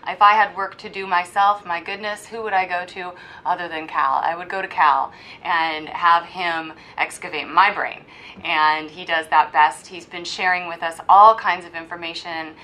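A woman co-hosts a podcast and speaks in an effusive, expressive way. Her voice is bright and forward but sits fairly low. It was recorded at a hypnosis center. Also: moderate pace, rough recording. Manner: warm praise, effusive, expressive. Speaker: podcast co-host. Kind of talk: casual podcast chat.

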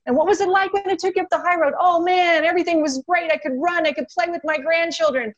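A woman with a high voice talks shop as a hypnotist, animated as she acts out both sides of a client conversation. She sounds casual and chatty, as if speaking over a video call. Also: fast, highs cut off. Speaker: guest hypnotist. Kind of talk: casual teaching talk.

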